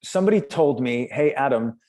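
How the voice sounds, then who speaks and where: A man's voice: mid-range voice, expressive, fairly quick, dark tone. Chatty man telling stories. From United States. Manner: chatty storyteller with frequent fillers and restarts. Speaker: guest, actor. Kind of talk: casual interview chat.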